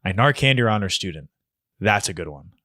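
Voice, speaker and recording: Guy riffing on funny shirts, crude rambly jokes, bright tense voice, dry close sound. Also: fairly low pitch, lively intonation, brisk, dry recording. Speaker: video host reacting to shirts. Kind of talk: casual comedic reaction.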